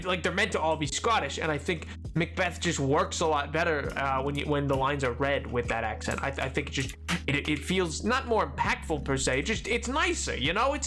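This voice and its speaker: A game streamer rambles through a casual live-stream chat, full of restarts, fillers and repeated words. The pitch bounces around a lot as the voice moves, playful and loose. Music runs steadily behind the talk. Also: pushed and bright.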